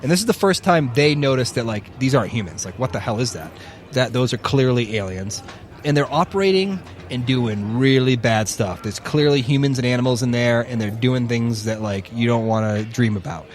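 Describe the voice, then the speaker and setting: A man co-hosting a podcast, telling a story in a casual, animated way, with profanity and plenty of fillers. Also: mid-range voice, normal speed. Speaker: podcast co-host.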